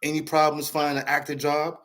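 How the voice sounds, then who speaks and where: Interviewer guy, kinda higher voice, trips over his questions, very encouraging. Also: monotone, fairly quick, fairly bright tone. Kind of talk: casual interview.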